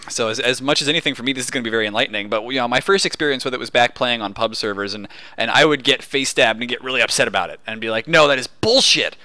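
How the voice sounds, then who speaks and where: A man with a bright, forward voice co-hosts a casual podcast. He is chatty and wanders into asides before moving things along. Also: medium pitch, very fast, hardly any pauses, dry recording. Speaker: podcast co-host.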